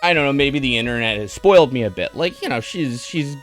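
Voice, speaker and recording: A man's voice: medium pitch, lively intonation, a little fast, faint music behind. A man giving a casual, rambling movie review on a stream, sardonic and full of fillers and restarts.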